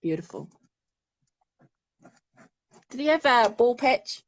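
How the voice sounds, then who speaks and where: A woman's voice: fairly high pitch, big pitch swings, slow pace, no echo. A woman giving a live psychic reading, chatty and affectionate, often laughing. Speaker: spiritual medium.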